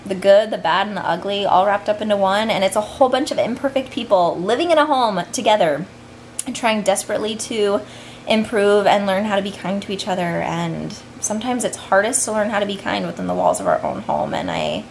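A woman's voice: medium pitch, animated, fairly quick, vocal fry, slight background noise. A woman in her thirties, a vlogging mom, talking to camera in a candid, heartfelt way with lots of "like" fillers. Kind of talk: reflective vlog talk to camera.

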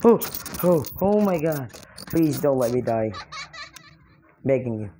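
A young woman narrates her gameplay in an excitable, exclaiming way, laughing often. Her voice sits low and sounds warm and mellow. She talks at an unhurried pace, and a faint hiss of noise stays under her voice. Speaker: mobile game player.

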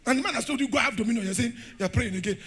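Racing along in a husky, very high-pitched voice, a middle-aged Nigerian pastor preaches fiercely to his church. He shouts, laughs and throws question after question at the congregation.

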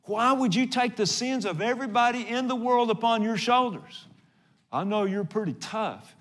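A man's voice: extremely high pitch, expressive, normal speed, fairly bright tone, voice pushed up. A man voicing the devil as a tempter, coaxing and persuasive, in a sermon retelling. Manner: persuasive, wheedling.

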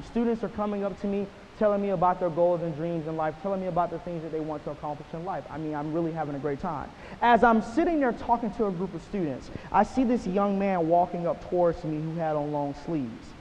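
A man giving a motivational keynote to students, telling stories with rhetorical "right?" tags and swinging from quiet lines to loud ones. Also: high-pitched. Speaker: motivational speaker. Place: large school auditorium. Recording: hall reverb, dull lo-fi sound, faint hiss.

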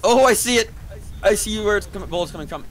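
A man gaming with friends over voice chat, excitable and stumbling over his words. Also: sits high, a loud crowd. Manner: quick, stammering, excitable. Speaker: gamer.

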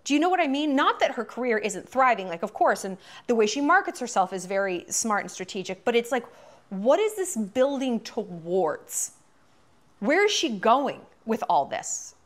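A woman's voice: a little high, sing-song, normal speed. A woman host in her thirties giving a chatty, profane commentary monologue full of fillers.

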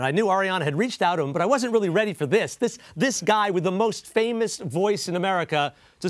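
High-voiced man doing a wry monologue. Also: quick pace, hardly any pauses. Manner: wry, joking, quotes others with mock emphasis. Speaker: host. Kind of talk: comedic news monologue.

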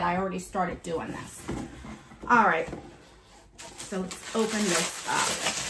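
A middle-aged woman hosts a relaxed unboxing vlog, talking straight to her viewers. Her voice sits high and bright and swoops up and down as she chats. She laughs easily and fills her pauses with "um" and "you know.". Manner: chatty, laughs easily, frequent fillers. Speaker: beauty subscription box reviewer.

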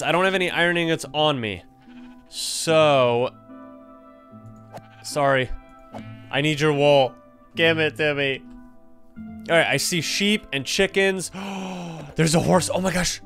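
Excitable young man narrating gameplay. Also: a little high. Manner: excitable, jumpy, talks to game animals. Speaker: gaming YouTuber. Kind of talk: casual let's-play commentary.

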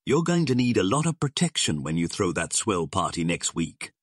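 A man's voice: deep voice, very animated, normal speed, breathy edge, no echo, clean studio sound, full character voice. A man voicing a sardonic male gangster boss who drawls his threats in slang. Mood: menacing.

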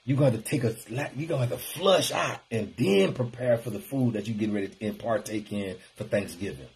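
A man hosting a casual motivational live stream in a preachy, animated, colloquial way. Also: fairly low pitch, brisk, husky. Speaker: wellness talk host.

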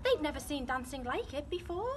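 A British woman, an infant school teacher, reading a picture book aloud to children in a slow, expressive read-aloud manner. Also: sits high, background noise. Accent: British English.

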